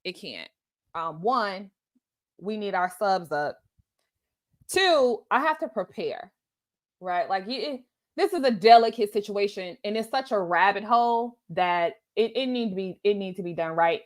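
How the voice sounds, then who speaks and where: Greeting viewers by name, a woman hosts a casual live stream, chatting animatedly and laughing often. Her medium-pitched voice moves a little slowly, with no room sound.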